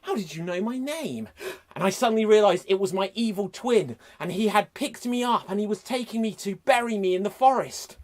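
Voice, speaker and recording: A man improvising an over-the-top dramatic story, swinging from hushed narration to shouts. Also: high voice, lively intonation, a little fast. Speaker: improv performer. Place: live online improv show.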